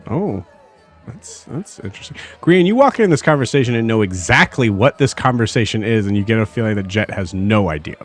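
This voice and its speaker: A man running a tabletop game as its game master, rambling through scenes with plenty of fillers. His middle-pitched voice swings up and down in a lively way, with faint music underneath. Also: a little fast. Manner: filler-heavy, meandering.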